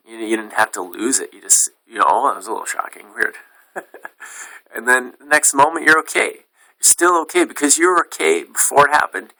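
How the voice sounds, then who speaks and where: A man's voice: medium pitch, pushed and bright, poor audio. A man teaching as a Buddhist meditation teacher in an informal dharma talk, plain-spoken and frank, with some casual swearing.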